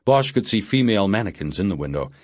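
A man reading a novel aloud in a steady, measured way. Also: lowish voice, no echo, clean studio sound. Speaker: audiobook narrator. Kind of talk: scripted narration.

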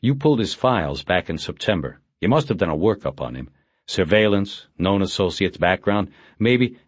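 A dogged, sardonic police detective, played by a man with a deep voice. He presses hard in a dry, clipped way. The sound is close and dead-dry. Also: very animated, moderate pace, no room sound. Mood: wry.

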